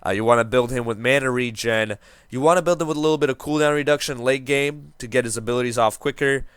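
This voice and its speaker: A man's voice: mid-range voice, quick pace, a bit bright, smooth, dry recording, studio quality. A young man giving casual, upbeat commentary as he explains how to play a game hero, joking around with a just-woken-up morning voice. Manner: joking, upbeat, self-mocking. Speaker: game guide host.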